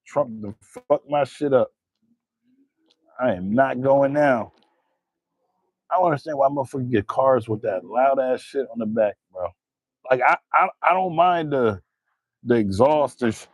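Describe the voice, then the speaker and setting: A young man with a New Jersey accent rambles in a loose live-stream chat, swearing freely and laughing often. His pitch sits in an ordinary middle range. The sound is close and dry, with no room around it. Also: dry recording. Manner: animated, profane, laughing often.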